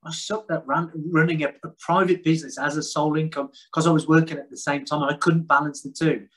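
A man's voice: a little high, fairly even intonation, quick pace, fairly bright tone, poor audio. Frank rambling man. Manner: rambling, frank, self-deprecating. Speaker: podcast guest. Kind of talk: casual conversation.

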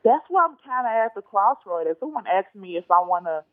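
A high-pitched young man talks as a podcast guest, chatty and loose, full of fillers. His voice comes over a thin, phone-like line, dry and close with no room around it. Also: big pitch swings, a little fast, no room sound. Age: young adult. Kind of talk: casual interview over the phone.

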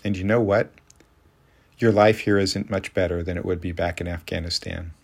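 A weary, blunt woman in her thirties, voiced by a man reading an audiobook pushes her words out with exasperated force. The voice stays deep and a little raised. It is steady storybook reading rather than full character acting. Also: normal speed, creaky. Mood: bitter.

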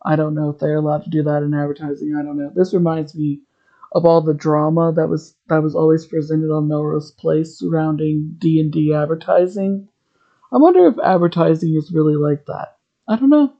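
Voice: mid-range voice, steady tone, a little fast, dull audio. A podcast host recapping a TV episode in a chatty, rambling way, drifting into tangents.

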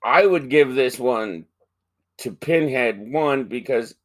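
Profane, animated man co-hosting a podcast. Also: mid-range voice, slow pace. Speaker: podcast co-host. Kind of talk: casual podcast banter.

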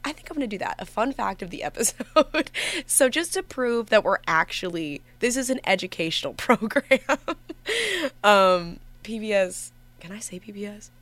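A young woman hosting a college radio show in a studio, chatting casually with giggles, rambles and self-corrections, sometimes a bit monotone. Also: medium pitch, moderate pace, no room sound. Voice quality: somewhat monotone at times. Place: empty radio station studio.

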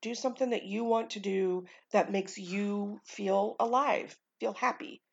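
Gravelly-voiced American woman rambling. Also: medium pitch, fairly even intonation, unhurried, muffled recording. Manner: rambling, casual swearing, frequent ums. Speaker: podcast host. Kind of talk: casual solo podcast chat.

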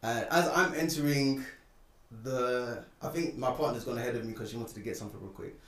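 A young man telling a personal story in casual chat, animated and getting louder when indignant. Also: medium pitch, fairly quick, recorded from a distance. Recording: roomy, away from the mic.

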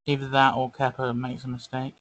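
A man talks football on a podcast in a blunt, sceptical way. His voice sits at a middle pitch and is recorded dry, with no room sound around it. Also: completely flat delivery, fairly quick, fairly bright tone, dry recording, dull audio. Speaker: podcast co-host. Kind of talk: casual football chat.

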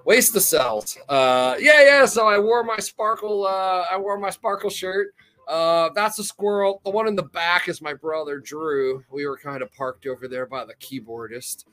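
A man's voice: sits high, moderate pace, sharp tone. A man hosting a podcast, telling a rambling, profane story in casual chat and laughing often. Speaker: podcast host.

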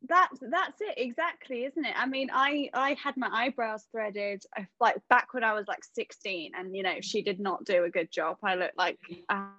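A woman's voice: medium pitch, normal speed, hardly any pauses, pushed and bright, no echo. A woman hosting a podcast, chatting casually, recapping points and asking her guest questions. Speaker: podcast host. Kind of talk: casual interview chat. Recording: dry, dull sound.

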